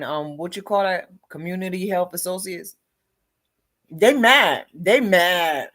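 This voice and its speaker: A woman delivering an agitated, unscripted monologue rant, swearing constantly and repeating herself. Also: medium pitch. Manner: profane, repetitive, agitated ranting.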